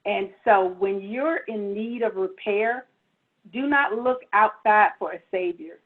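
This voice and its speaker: Husky, animated woman on a tinny line. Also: medium pitch, measured pace. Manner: animated, laughing, playful asides. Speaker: guest author. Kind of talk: casual storytelling interview. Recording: tinny phone-like audio.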